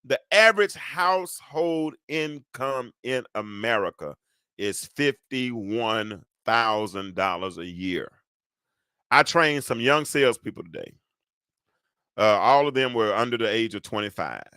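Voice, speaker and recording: A man in his fifties hosts a live call-in show in a rambling, animated way, with a bright, forceful tone. The sound is close and dry, with almost no room around it. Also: mid-range voice, a little slow, smooth, dry recording. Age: 50s. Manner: rambling, animated, talks back to callers and chat. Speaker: show host.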